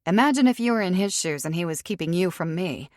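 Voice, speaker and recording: A feisty, petite young werewolf woman, quick to snap with sarcasm in an audiobook, as a woman narrator puts her on. The voice is lower than usual for a woman and recorded dry and close. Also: expressive, a little mellow, dry recording, close to an everyday voice. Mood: fierce.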